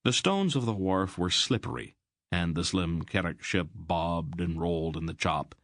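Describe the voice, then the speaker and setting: A man narrating a fantasy audiobook in a steady, even storytelling manner. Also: low voice, a little slow, no room sound, clean studio sound. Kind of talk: scripted narration.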